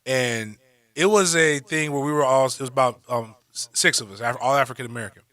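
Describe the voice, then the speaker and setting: Bright animated man telling a story. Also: mid-range voice, fairly quick, dry recording. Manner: animated storyteller, acts out dialogue. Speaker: radio co-host. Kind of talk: talk radio discussion.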